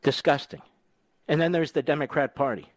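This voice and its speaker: A man's voice: on the high side, fairly quick, no room sound. A man in his sixties from the United States, a radio host delivering a combative, scornful political monologue with emphatic repetition. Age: 60s.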